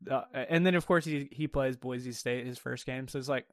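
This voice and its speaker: A man's voice: medium pitch, normal speed, dry recording. A young man hosting a casual sports talk show, laid-back and often laughing, with a dry close sound. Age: young adult. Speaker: podcast host.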